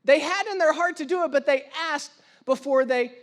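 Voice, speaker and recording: A young man with an unusually high voice for a man preaches in church. He tells stories with humor and energy, and he slips into the voices of the people he quotes. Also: moderate pace. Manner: animated, acts out quoted voices, self-deprecating humor. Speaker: pastor. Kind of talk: sermon with storytelling.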